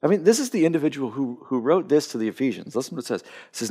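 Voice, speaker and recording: A male pastor delivers a sermon with real conviction, his pitch swinging widely as he builds and drops. He often restarts phrases, repeating a word before pressing on. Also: sing-song, fast, husky. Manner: impassioned, repeats words when starting phrases.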